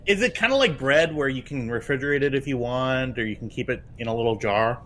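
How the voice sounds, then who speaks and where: A man in casual chat, telling a story with swearing, laughter and animated quoting. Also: mid-range voice, a little fast.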